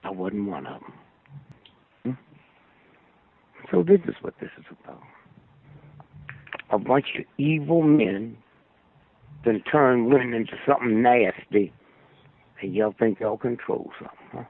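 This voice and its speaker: Gravelly older man preaching down a phone line. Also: medium pitch, measured pace, long pauses. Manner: preachy, asks "Hmm?" for agreement. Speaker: guest. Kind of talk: rambling storytelling monologue. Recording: phone-line radio call.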